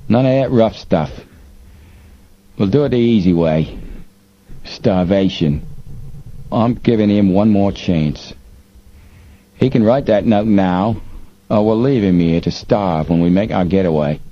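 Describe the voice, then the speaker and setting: A man voicing a sour, menacing male smuggler chief in an audiobook, speaking slowly and threateningly. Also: lowish voice. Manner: slow, sour, menacing delivery. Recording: dull lo-fi recording, faint hiss.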